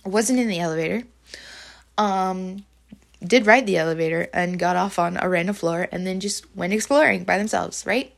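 A woman's voice: on the low side, normal speed, gravelly. A woman teacher talking through a hard week in a personal diary recording, rambling with many fillers and open about her feelings. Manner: emotional, confessional.

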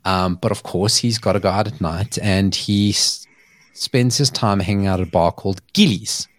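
Low-voiced podcast host. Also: male voice, normal speed, no room sound. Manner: chatty storyteller, laughs often. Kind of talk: casual chat.

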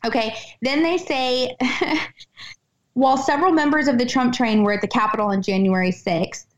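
Woman from texas, excitable, animated, fairly high-pitched, casual podcast chat. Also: normal speed, low-quality recording. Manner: excitable, animated, many "like" fillers. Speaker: guest.

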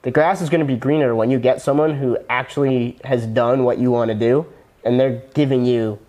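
Young male podcast guest, middle pitch, earnest, rambling, casual storytelling. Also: fairly even intonation, a little fast, a little mellow. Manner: rambling with many restarts, earnest, acts out quoted dialogue. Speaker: guest, former personal trainer turned copywriter.

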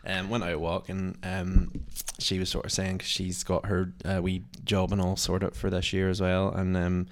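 A young man with a very low voice chats on a podcast. He rambles loosely, with "like" in nearly every phrase. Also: completely flat delivery, normal speed, a little hiss or hum. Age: young adult. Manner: rambling, heavy use of "like". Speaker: podcast co-host. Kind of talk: casual chat.

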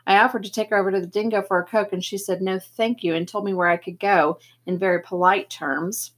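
A woman's voice: mid-range voice, fairly even intonation, brisk, breathy edge, close to an everyday voice. A woman voicing a tough, cocky teenage boy in a gang, blunt and slangy, in a storybook reading. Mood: offhand.

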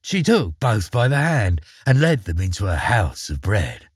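Husky, slow, expressive male storyteller. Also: fairly low pitch, no room sound, studio quality. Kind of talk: storybook reading.

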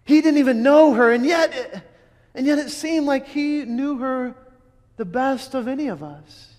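A man's voice: extremely high pitch, unhurried, a little mellow. A man preaching a dramatic sermon, telling it in first person as an eyewitness, earnest, with restarts and emphatic repeats. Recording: long hall reverb.

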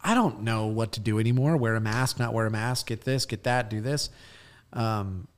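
A man's voice: lowish voice, moderate pace. A young man chatting casually as a podcast host, rambling through a long story and swearing freely. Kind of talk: casual chat.

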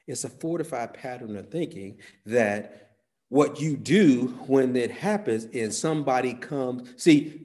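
A man preaching a sermon, swinging from soft, quiet phrases to sudden loud, emphatic peaks. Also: on the low side.

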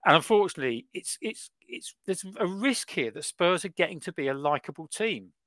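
A man co-hosting a football podcast, ranting in an exaggerated, animated way. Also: high-pitched, a little fast. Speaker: podcast co-host. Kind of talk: casual football chat.

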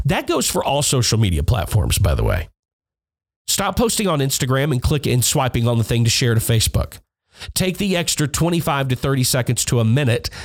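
A man hosting a music industry podcast, giving blunt, emphatic advice, repeating points and swearing. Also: fairly high pitch. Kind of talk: instructional podcast monologue. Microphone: podcast mic.

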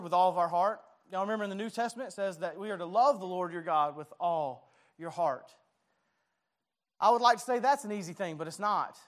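Pastor guy preaching, high voice, chatty and jokey about himself, keeps restarting his words. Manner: conversational, self-deprecating, stumbling restarts. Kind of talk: sermon.

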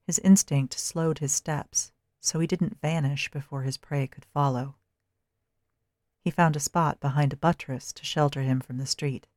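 Steady, dry storybook narrator. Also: medium pitch, no room sound.

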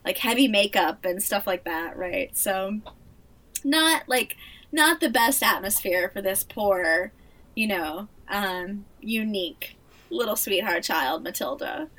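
A woman co-hosting a casual podcast, chatty and expressive, full of fillers. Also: mid-range voice, takes it slowly, far from the mic. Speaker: podcast co-host.

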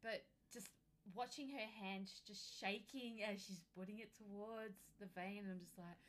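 A woman chatting casually, telling an animated anecdote with casual swearing. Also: medium pitch, moderate pace. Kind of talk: casual chat.

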